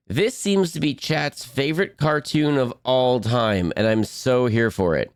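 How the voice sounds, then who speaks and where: A man's voice: lowish voice, big pitch swings, normal speed, hardly any pauses, clean tone, dry recording, clean studio sound. A man streaming, chatting casually and playfully to his viewers in a rambling way.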